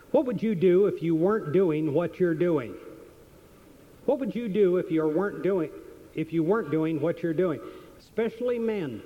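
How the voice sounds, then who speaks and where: A man giving a motivational seminar, telling stories earnestly and repeating his key questions, on a dull lo-fi recording. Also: fairly high pitch. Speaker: seminar speaker. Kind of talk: motivational seminar talk with storytelling.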